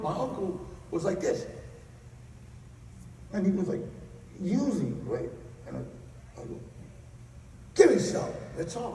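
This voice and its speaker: A man giving a personal storytelling speech at a conference, animated and prone to loud acted outbursts. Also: high voice, a little hiss or hum. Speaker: conference speaker. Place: large convention hall. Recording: echoey hall recording from far off.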